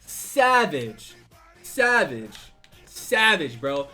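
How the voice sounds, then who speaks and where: Brief: animated male streamer, slangy storyteller, pitch jumps all over, "right?" after every line. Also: moderate pace, pauses often, faint music behind.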